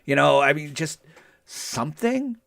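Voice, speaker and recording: A man's voice: a little high, unhurried, vocal fry. Older man recapping a show animatedly. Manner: animated storytelling, acts out quotes. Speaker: podcast host. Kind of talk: casual podcast chat.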